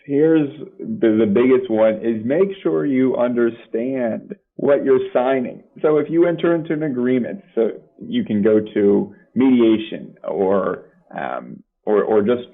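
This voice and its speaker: A man's voice: mid-range voice, vocal fry. A man, a family law attorney and podcast guest, explaining legal points plainly with practical examples. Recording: tinny phone-like line.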